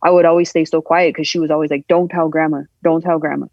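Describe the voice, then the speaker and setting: Woman telling a painful story, halting. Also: deep voice, little pitch movement, a little mellow, no room sound. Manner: emotional, halting, acts out quoted voices. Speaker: podcast guest. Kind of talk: candid personal storytelling. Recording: dull lo-fi sound.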